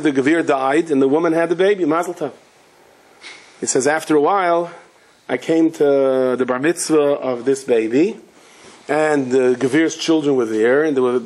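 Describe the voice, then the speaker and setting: A man's voice: a little mellow, breathy edge. A man, a rabbi teaching a Torah class, telling stories and acting out the voices of the people in them. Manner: storytelling, acting out voices with swings of pitch.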